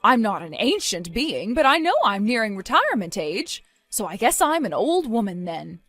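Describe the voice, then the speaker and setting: A woman voicing a calm but stern mother in her fifties who scolds her daughter in a reproachful tone. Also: medium pitch, normal speed, faint music behind. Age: 50s. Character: disappointed mother near retirement, stern.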